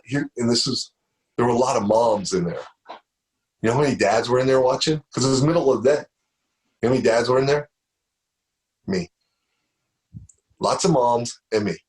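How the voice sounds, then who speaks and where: A man's voice: medium pitch, fairly quick, pauses often. A middle-aged man giving a motivational speech on stage, telling stories and repeating phrases for emphasis. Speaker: motivational speaker.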